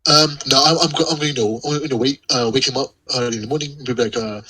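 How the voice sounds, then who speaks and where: Bright-voiced man stammering through roleplay. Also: medium pitch, fast talker, hardly any pauses, low-quality recording. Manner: stammering, repeats words, swears casually. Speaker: tabletop game player. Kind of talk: casual in-character roleplay.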